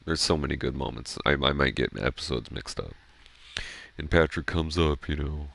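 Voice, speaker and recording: A man gives casual, rambling commentary while he plays a game. His voice is extremely low and full of vocal fry. He gets excited and swears freely. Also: normal speed, dry recording. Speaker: gaming streamer.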